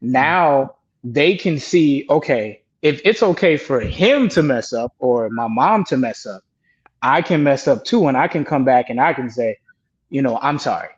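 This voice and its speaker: Brief: male panelist, father, earnest and reflective, mid-pitched, dull lo-fi recording. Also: animated, unhurried, husky. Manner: earnest, reflective, quotes himself talking to his kids. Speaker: panelist, father of two girls. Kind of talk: candid panel discussion. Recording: dull lo-fi sound.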